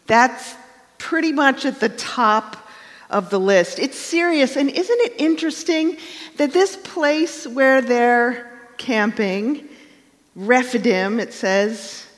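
A woman's voice: fairly high pitch, expressive, slow, in a large hall. A woman pastor giving a conversational sermon and telling stories with acted quotes.

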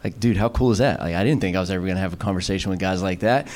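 A middle-aged man preaching a sermon. He tells stories with lots of fillers and restarts. He slips into other voices for the people he quotes, his pitch jumping up for each one. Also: racing. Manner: animated, acts out quoted voices with sudden pitch jumps; storytelling with many fillers and restarts. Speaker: pastor.

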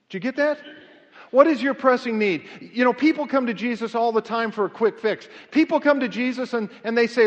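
A man's voice: sits high, animated, fairly quick, big-room sound, dull audio. A pastor delivering a conversational sermon, asking the congregation rhetorical questions and often restarting his sentences.

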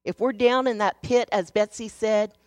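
A woman's voice: medium pitch, fairly even intonation, moderate pace, no echo. Earnest woman preaching in a dry recording. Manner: storytelling, earnest, shifting between hushed and emphatic. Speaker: speaker sharing a devotional message. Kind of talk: sermon.

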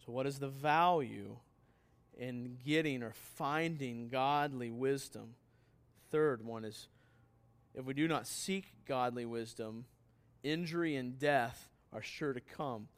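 A man's voice: mid-range voice, slow pace, clean tone. A man preaching a sermon as pastor, emphatic and putting questions straight to his listeners.

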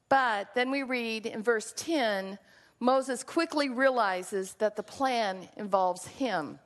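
A woman's voice: fairly high pitch, slow pace. A woman preaching a sermon in a church, earnest and reflective, telling a story and drawing a lesson from it. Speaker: pastor. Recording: long reverb of a large hall.

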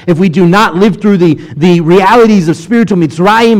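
Impassioned man preaching, higher voice. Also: brisk, few pauses. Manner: impassioned preaching, swings from hushed to loud; reads scripture aloud with Hebrew terms. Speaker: rabbi. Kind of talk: sermon.

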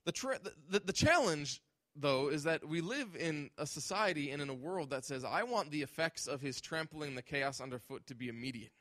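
A man's voice: on the high side, animated, normal speed, fairly bright tone, dry recording. Emphatic preaching man, dry sound. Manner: emphatic preaching, acts out imagined voices. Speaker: pastor. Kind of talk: sermon.

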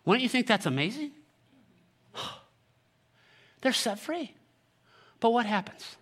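A male pastor preaching a sermon, animated and joking, with sarcastic asides, reading scripture aloud and leading the congregation. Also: extremely high pitch, slow pace.

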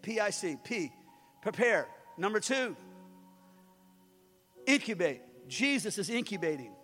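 A man preaching a sermon as pastor, plain-spoken and joking, building to shouts. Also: very high voice. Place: large church hall. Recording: live church recording with long reverb.

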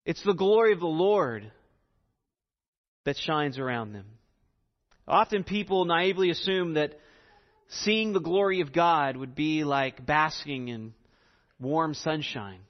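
A man preaching in slow, emphatic, expository phrases, his voice sitting a little high for a man. The sound is dull and muffled, and a long reverb hangs behind him as if in a large hall. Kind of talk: sermon.

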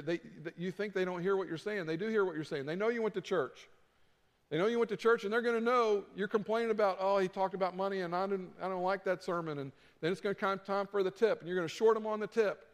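Earnest middle-aged pastor in a reverberant hall. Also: male voice, sits high, fast. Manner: earnest, conversational preaching with quoted asides. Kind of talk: sermon. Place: church sanctuary. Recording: long reverb of a church hall.

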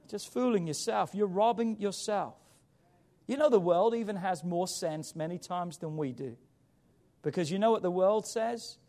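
A man preaching a sermon as pastor, with emphatic rises and quiet drops. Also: sits high, moderate pace.

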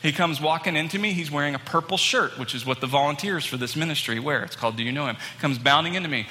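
A man preaching a storytelling sermon to a congregation, acting out the people in his stories with growing excitement. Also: a little high, quick pace. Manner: animated, acts out quoted people, rising excitement. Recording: long hall reverb, faint ambience.

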